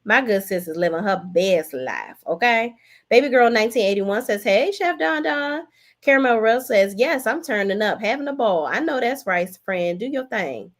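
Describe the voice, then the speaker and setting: A woman hosting a live stream, reading viewer comments aloud and chatting about them casually, thanking viewers with big upward swoops in her voice. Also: normal speed. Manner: animated, swoops high when thanking viewers; chatty, Southern-tinged slang like y'all and child.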